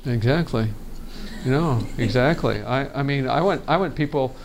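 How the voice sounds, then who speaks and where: A man teaching a workshop on storytelling in a relaxed seminar style, talking casually and often restarting his sentences. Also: medium pitch, moderate pace, creaky, background noise. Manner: chatty, frequent restarts and laughs. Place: conference meeting room.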